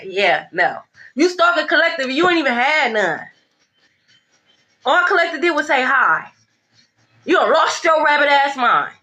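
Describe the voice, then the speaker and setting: A high-voiced woman runs through a casual tarot reading. Her tone is bright and sharp, and her delivery is blunt, emphatic and full of profanity. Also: big pitch swings, normal speed, slight background noise. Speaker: tarot reader.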